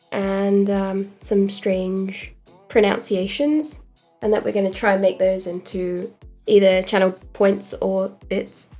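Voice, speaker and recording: A woman's voice: mid-range voice, a little mellow. A young woman chatting casually on a livestream while she animates, rambling and giggling, with lots of fillers and self-corrections. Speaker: streamer animator.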